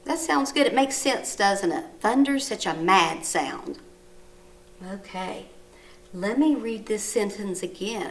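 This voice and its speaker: A woman teaching a recorded lesson to young children, gently coaxing and asking them questions, reading sentences aloud with exaggerated rises and falls of her voice. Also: mid-range voice, recorded from a distance. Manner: slow, exaggerated read-aloud with rising and falling voice.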